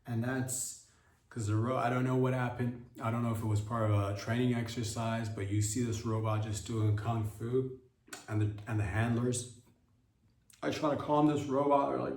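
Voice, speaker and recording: A man's voice: medium pitch, flat delivery, moderate pace, a little mellow, recorded from a distance. Man, comedy podcast host, rambling irreverent monologue, echoey room. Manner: rambling, irreverent rhetorical riffs.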